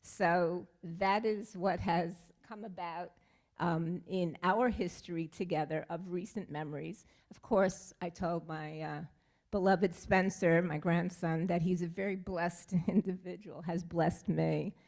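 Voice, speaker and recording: An older woman sharing a family story at a synagogue service, speaking in a halting, heartfelt way with pauses and fillers. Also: fairly low pitch, fairly even intonation, darkish tone. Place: synagogue sanctuary.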